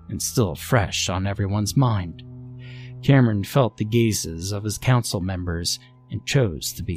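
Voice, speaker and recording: Male horror narrator, low, measured, faint music bed. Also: darkish tone. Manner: measured storytelling.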